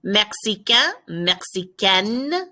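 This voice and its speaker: A woman teaching a recorded French lesson, drawing out model words slowly and explaining quickly in between. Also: mid-range voice, very animated, sharp tone. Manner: slow, drawn-out French model words, quick asides in English.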